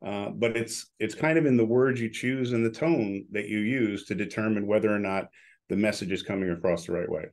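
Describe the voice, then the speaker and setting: A man's voice: on the low side, fairly quick, a little mellow. A man in his sixties, an announcer and business owner, telling stories in a casual interview and acting out the people he quotes. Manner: outspoken, acts out quoted dialogue.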